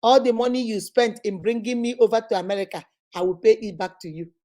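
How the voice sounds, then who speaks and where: A woman's voice: fairly high pitch, fast, mellow, natural voice. A woman voicing a male reverend who pleads and asks for favors. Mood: pleading.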